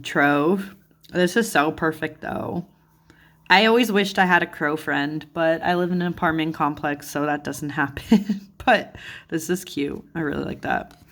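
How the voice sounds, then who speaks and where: Gushing slow-talking woman, low voice. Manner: gushing, easily delighted, lots of "like" and "oh my goodness". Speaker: tarot channel host. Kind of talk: chatty deck flip-through.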